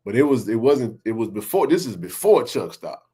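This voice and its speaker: A man's voice: mid-range voice, normal speed, breathy edge. A man in his forties hosting a sports podcast, telling neighborhood stories in a laughing, slangy way. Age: 40s. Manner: laughing, animated storyteller with slang. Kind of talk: casual storytelling chat.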